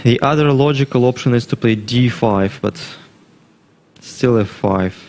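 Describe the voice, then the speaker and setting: A man commentating live on a chess game, thinking aloud through variations in a measured way. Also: medium pitch, darkish tone.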